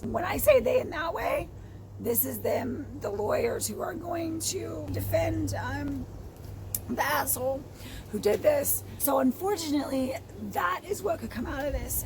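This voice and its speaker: A high-voiced woman rants angrily to her phone camera. Her voice is hoarse, gravelly and out of breath, and she swears bluntly, dropping to a whisper and then breaking into shouts. Clear noise from outdoors sits behind her. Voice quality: hoarse, froggy voice. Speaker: vlogger. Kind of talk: angry personal rant. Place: outdoors in sunlight.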